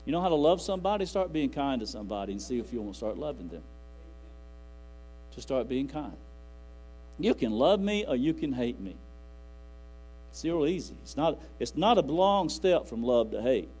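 A man's voice: mid-range voice, sing-song, moderate pace, pauses often, warm tone, rough recording. A man preaching a sermon in a folksy, rambling way, quoting scripture aloud. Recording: faint music and mains hum.

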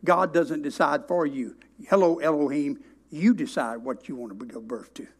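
A preacher, a man whose voice sits notably high for a man. He tells a story from the pulpit with emphatic delivery, stretching certain words out slowly for weight. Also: slightly rough. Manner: storytelling, emphatic, with dramatic slow stresses. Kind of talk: sermon.

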